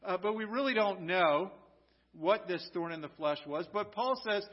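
A man's voice: high voice, lively intonation, normal speed. An American man and pastor preaching a sermon earnestly, asking rhetorical questions and often restarting his sentences. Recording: dull lo-fi recording.

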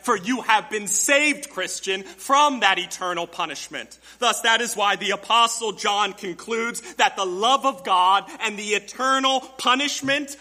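A man's voice: high-pitched, unhurried, few pauses, sharp tone, big-room sound. A man preaching a sermon to his congregation, emphatic, with rhetorical questions and direct address to the church. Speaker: pastor.

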